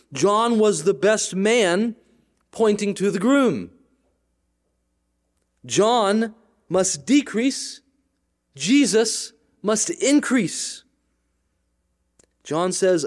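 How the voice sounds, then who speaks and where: A male pastor preaching a sermon, with wide swings between loud declarations and quiet asides, often checking in with the congregation. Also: sits high, big pitch swings, slow pace, long pauses.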